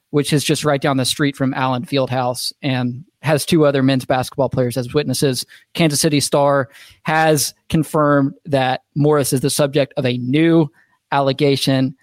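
A young man co-hosts a casual podcast conversation, speaking quickly and matter-of-factly. His mid-range voice has a darkish tone, and the clean studio recording carries no echo.

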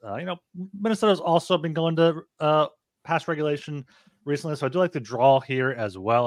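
A man's voice: medium pitch, no echo. A man breaking down hockey betting lines in a casual, meandering way, stopping to correct himself. His voice sits mid-range, and the recording is dry with no room around it. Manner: rambling, filler-heavy, self-correcting. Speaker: podcast co-host. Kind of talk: casual sports betting analysis.

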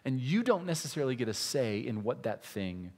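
A male pastor from Iowa preaching a conversational sermon, swinging between loud, emphatic stretches and hushed, low asides. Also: very animated, brisk, in a large hall. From Iowa, USA. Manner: conversational, with restarts and direct questions to listeners.

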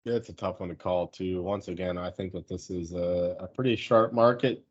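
A man's voice: low-pitched, steady tone, moderate pace, breathy edge, muffled recording. A man in casual sports betting chat, rambling loosely and swearing now and then. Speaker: sports betting podcast co-host.

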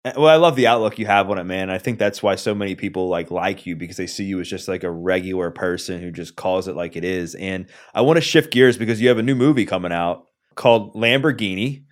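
A man's voice: deep voice, fast. A man hosting a podcast, asking earnest questions with many "like" fillers. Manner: earnest, fills with "like" often. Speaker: podcast host. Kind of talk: casual interview chat.

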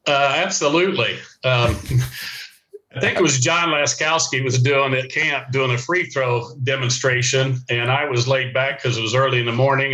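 A man's voice: medium pitch, bright, forceful tone, low-quality recording. A man in his sixties, a guest and former player, telling a story in a folksy, rambling way with chuckles. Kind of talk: casual storytelling.

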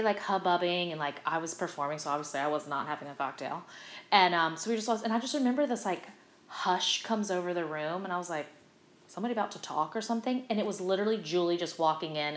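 A middle-aged woman, a stage actress, telling stories as a guest in a casual interview, animated and full of fillers. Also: fairly low pitch. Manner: animated, chatty, lots of fillers. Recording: roomy echo.

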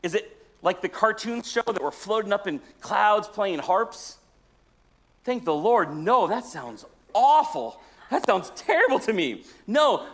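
A pastor delivers a sermon as a storyteller, joking with his congregation and swinging between loud and hushed delivery. His voice sits high.

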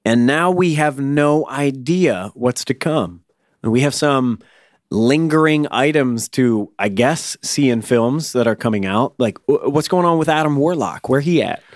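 A man co-hosting a podcast in a relaxed, joking chat, often restarting his sentences. His voice sits at an ordinary middle pitch. The studio sound is close and dry. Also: a little slow, no room sound. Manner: chatty, hesitant restarts, playful. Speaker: podcast co-host. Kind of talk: casual chat. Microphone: studio microphone.

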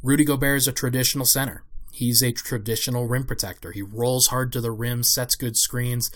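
Young man, podcast host, solo sports analysis, casual, middle-pitched voice, thinks aloud with fillers and restarts. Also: fairly even intonation, a little fast.

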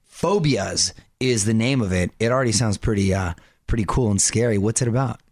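A man's voice: on the low side, fairly quick. A man hosting a radio talk show, chatting and joking with energy. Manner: energetic, jokey banter.

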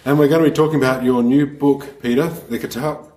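A man's voice: mid-range voice, fairly even intonation, fairly quick, darkish tone. Easygoing male podcast host in echo. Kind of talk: podcast interview. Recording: roomy echo.

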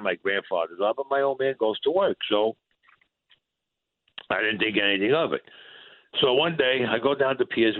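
A man, a podcast guest, telling a long story from his past and acting out the dialogue in it with sudden jumps in his voice. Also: dry recording. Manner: animated storyteller who acts out dialogue with rising pitch. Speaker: interview guest. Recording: dry, tinny phone line.

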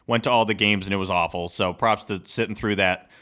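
A man co-hosting a podcast in casual, rambling sports chat, animated and laughing often. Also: fairly low pitch, fairly quick, clean tone. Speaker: podcast co-host.

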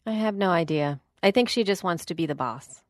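A woman's voice: lowish voice, lively intonation, a little fast, no room sound, studio quality. A woman in her thirties co-hosting a casual chat show, talking in a loose, rambling way. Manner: rambling, many restarts and fillers. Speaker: podcast co-host.

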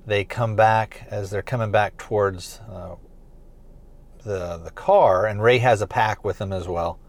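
Low-voiced man rambling through a recap. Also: unhurried. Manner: rambling, heavy on fillers like kinda and you know. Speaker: podcast host reviewing a TV series. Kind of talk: casual episode recap.

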